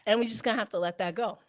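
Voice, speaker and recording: A woman with a New York accent co-hosting a podcast, chatting in a playful, slangy, animated way. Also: medium pitch. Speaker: podcast co-host. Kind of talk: casual chat.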